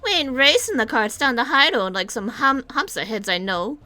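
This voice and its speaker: A boisterous cart-driving gang tough, as a woman puts him on, with a folksy drawl. The voice sits high and bright and swings all over the place. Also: lively intonation, moderate pace. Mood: cheerful. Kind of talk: reading game dialogue aloud.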